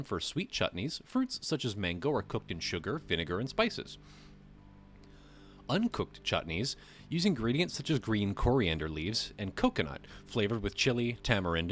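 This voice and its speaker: A man's voice: on the low side, fairly bright tone. A man hosting a live stream, reading a text aloud and breaking off into joking, casually profane asides to his chat. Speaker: livestream host.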